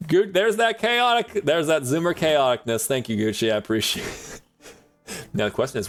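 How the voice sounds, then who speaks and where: A man's voice: on the high side, moderate pace, soft background music. A man streaming live and chatting with his audience in a rambling, jokey way, laughing often.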